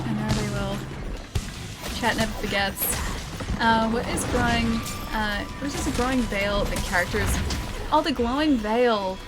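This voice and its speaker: A young woman streaming a game, chatting casually with viewers, playful and giggly with lots of mock apologies. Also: a little high. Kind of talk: casual gameplay commentary reading chat. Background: game music.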